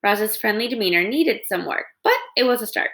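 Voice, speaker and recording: A woman's voice: medium pitch, animated, fairly quick, a bit bright. A woman reading a children's novel aloud in installments, telling the story expressively. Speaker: reader.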